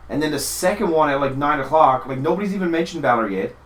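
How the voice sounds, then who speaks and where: Male podcast co-host, rambling casual chat, rapid delivery, slightly high voice. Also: expressive, echoey room, rough recording. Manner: rambling, many restarts and "like" fillers.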